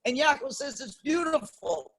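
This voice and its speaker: High-voiced man teaching a Torah class. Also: animated, moderate pace, a bit bright. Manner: emphatic, rhetorical questions, mixes Hebrew and Yiddish terms. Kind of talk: Torah class lecture to a congregation.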